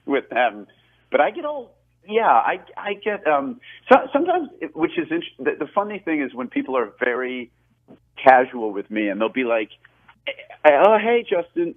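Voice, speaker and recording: A man in his forties, a guest actor chatting in an interview, rambling and self-deprecating with lots of restarts and laughs. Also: mid-range voice. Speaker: actor and film director, guest. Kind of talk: casual interview over a phone line. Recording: tinny phone line.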